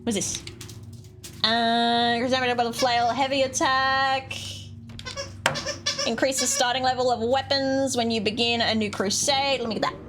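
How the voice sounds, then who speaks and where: A woman streaming a game, chatting casually and jumping into high squeaky tones when excited. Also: normal speed, long pauses. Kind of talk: casual gameplay commentary. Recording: music playing behind.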